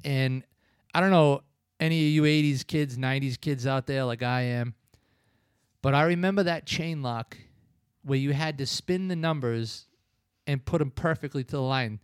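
A man's voice: mid-range voice, normal speed, smooth, no echo, clean studio sound. A man in his thirties casually reviewing an old film, rambling and acting out the scenes in voices. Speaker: podcast co-host. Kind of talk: casual movie-review chat.

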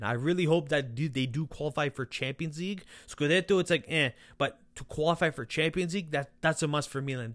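A young man hosting a casual football podcast, excitable and animated, with loud outbursts and quieter asides. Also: medium pitch, no room sound. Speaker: podcast host.

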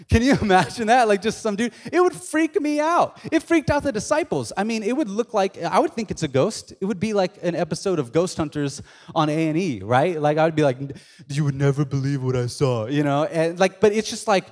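A man's voice: on the high side, darkish tone. A male pastor preaching a casual storytelling sermon, joking and talking straight to the congregation in a church. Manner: conversational and joking, addressing the congregation. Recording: long reverb of a large hall.

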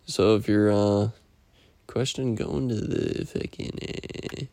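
A man's voice: lowish voice, huge pitch swings, takes it slowly, creaky, warm tone, no echo. A man rambling through a casual, profane weekly update, telling stories and slipping into impressions. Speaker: podcast host.

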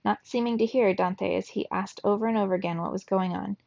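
A woman reads a children's novel aloud for a book club, steady and expressive. Her voice has a gravelly, creaky texture. The recording is dry and a little dull, like a lo-fi home setup. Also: mid-range voice, fairly quick, dry recording.

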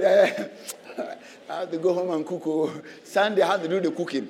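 A man preaching a sermon in church, animated, firing questions at the congregation and laughing between lines. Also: sits high, moderate pace, big-room sound.

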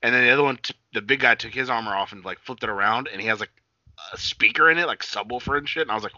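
A man's voice: medium pitch, fast talker, sharp tone, no room sound. Profane joking man on a dry, dull mic. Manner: loose, profane and joking, calls his co-host buddy. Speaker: podcast co-host. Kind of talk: casual podcast chat.

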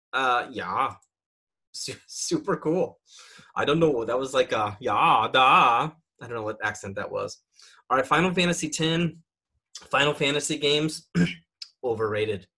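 A man's voice: medium pitch, sharp tone, breathy edge. A young man on a gaming podcast giving casual, rambling opinions with lots of fillers. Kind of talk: casual chat.

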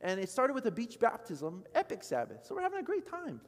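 A man in his thirties preaching a sermon as pastor, telling a story with acted-out quotes and swinging between loud and soft. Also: very high-pitched, huge pitch swings, fairly quick, big-room sound. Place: church sanctuary.

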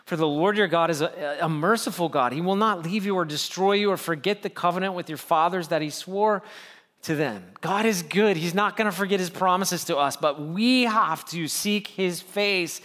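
A man's voice: fairly high pitch, a bit bright, in a large hall. A middle-aged man preaching a sermon as a pastor, earnest and pleading, often repeating phrases for emphasis.

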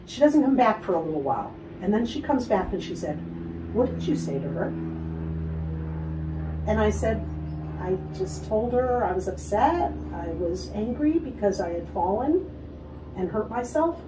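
A woman telling a personal story as a guest in an interview, animated, acting out the voices of other people and laughing often. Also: medium pitch, moderate pace, roomy sound, recorded from a distance, heavy background noise. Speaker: guest, spiritual healer.

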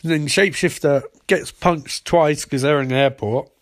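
A man with a slightly high voice tears through a TV episode recap with sarcasm and swearing. He keeps jumping into quick impressions of the characters. The delivery is loose, mocking and comedic. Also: no room sound, studio quality. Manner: profane, sarcastic, jumps into quoted voices.

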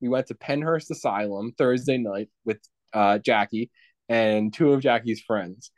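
A young man tells a rambling story in casual conversation, breaking into laughter again and again. His voice sits at an ordinary pitch. The sound is close and dry, with no room echo. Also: unhurried. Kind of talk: casual chat.

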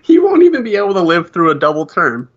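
Loud laughing man, lo-fi. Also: sits high, huge pitch swings, quick pace, background noise. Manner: loud, laughing, puts on silly voices. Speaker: podcast co-host. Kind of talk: crude comedy banter. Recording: dull lo-fi sound.

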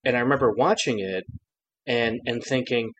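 A man's voice: medium pitch, moderate pace, a bit bright, slightly rough, low-quality recording. A man co-hosting a podcast, talking casually about a cartoon episode, rambling and restarting his sentences with frequent laughs. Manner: rambling, self-interrupting, laughs often. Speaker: podcast co-host.

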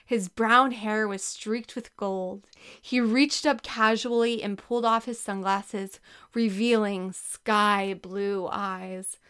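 A woman narrating a children's book with a lively, expressive reading. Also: mid-range voice, takes it slowly, smooth. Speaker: audiobook narrator. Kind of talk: scripted narration.

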